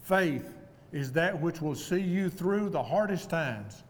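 An earnest man delivers a sermon from the pulpit in a measured, humble way, pausing deliberately between phrases. His voice sits a little high for a man. The sound carries the long reverb of a church auditorium. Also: animated. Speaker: preacher. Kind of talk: evening sermon.

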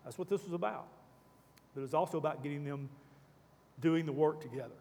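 A man's voice: on the high side, brisk, warm tone, long reverb tail, a little hiss or hum. A man leading a Bible study class, asking the group questions and reading scripture aloud.

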